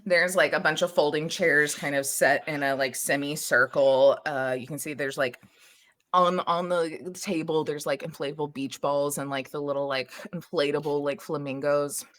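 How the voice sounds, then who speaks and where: A woman's voice: low voice, fairly even intonation, moderate pace, a bit bright. A woman running a tabletop game as game master, describing scenes casually with many filler words.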